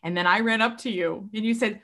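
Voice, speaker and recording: A young woman telling a personal story in conversation, expressive and quick to act out other people's voices. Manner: expressive, acts out quoted voices with big pitch jumps. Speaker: guest.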